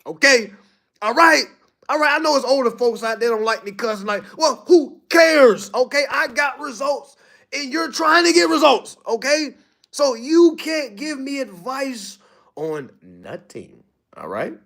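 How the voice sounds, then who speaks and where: Blunt, animated man with a lively voice. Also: very high voice, measured pace. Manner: blunt, profane, animated, repeats "all right?". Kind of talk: casual motivational monologue.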